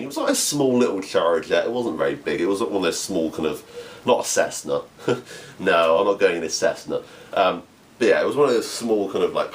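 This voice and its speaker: A young man from England with an English accent, telling an observational comedy story with frequent laughs and stammering restarts. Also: on the low side. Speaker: amateur comedian.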